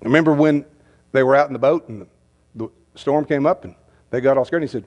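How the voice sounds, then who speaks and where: A man's voice: medium pitch, fast talker, darkish tone. A pastor in his fifties preaching a conversational sermon, asking rhetorical questions and acting out quoted dialogue. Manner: acts out dialogue in quoted lines.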